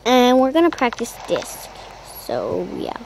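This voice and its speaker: A young girl casually commentating her pet game, rambling and chatty, cooing in a high voice at her puppy. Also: huge pitch swings, a little slow, soft background music, poor audio. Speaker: gaming vlogger.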